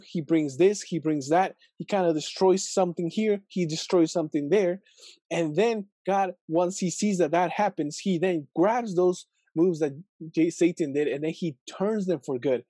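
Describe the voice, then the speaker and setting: Young male host, casual scripture musing, slightly high mellow voice, dry close sound. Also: no room sound. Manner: thinking aloud, many fillers and rhetorical questions. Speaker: video host reflecting on scripture. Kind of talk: casual Bible reflection video.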